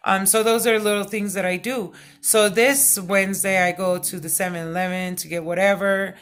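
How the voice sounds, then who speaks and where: A middle-aged woman vlogging, telling a personal story in a loud, excitable way, full of fillers. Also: medium pitch, moderate pace. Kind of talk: casual storytelling vlog.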